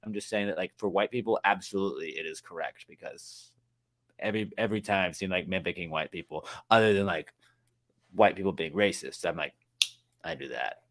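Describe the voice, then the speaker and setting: A man's voice: low-pitched, brisk, a bit bright. A young man co-hosting a casual podcast chat, rambling, swearing freely and slipping into silly voices. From Texas. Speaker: podcast co-host.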